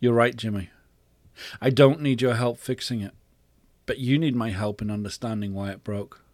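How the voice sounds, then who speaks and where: A man's voice: medium pitch, moderate pace, darkish tone, no echo, studio quality, close to an everyday voice. A man voicing God as a weary, exasperated craftsman in his workshop, telling the scene in a raised, emphatic voice. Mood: patient.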